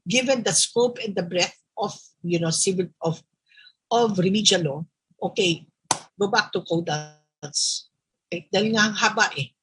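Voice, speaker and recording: Very hoarse Filipino woman lecturing. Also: mid-range voice, fairly bright tone, rough recording. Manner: frequent "okay?" check-ins, code-switching, emphatic repetition. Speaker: law school dean lecturing bar reviewees. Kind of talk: bar review lecture.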